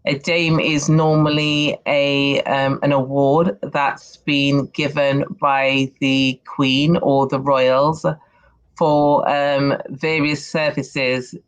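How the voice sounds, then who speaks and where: A British woman answering interview questions in a measured, deliberate way. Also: very deep voice, flat delivery, clear, resonant tone, low-quality recording. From United Kingdom. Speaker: interview guest.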